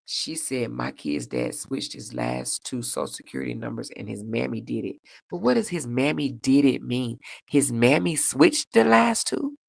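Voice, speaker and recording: Woman livestream host, gravelly fry in her voice, sassy chat, very dry close sound. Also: normal speed, no room sound. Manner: animated, sassy, laughs often, pitch jumps high for emphasis. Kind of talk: casual livestream chat reading comments.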